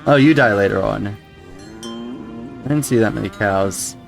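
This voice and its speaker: An unhurried man with a lowish, fry-tinged voice narrates his gameplay over soft background music. His let's-play commentary is loose and rambling, full of musings and sudden startled exclamations.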